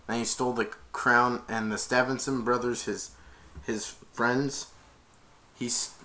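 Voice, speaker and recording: A man talks through a film's story in a loose, rambling way, linking every event with "and then". His voice is bright and forward, and his pitch sits in the middle. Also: level tone, measured pace. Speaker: film reviewer. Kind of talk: casual plot retelling.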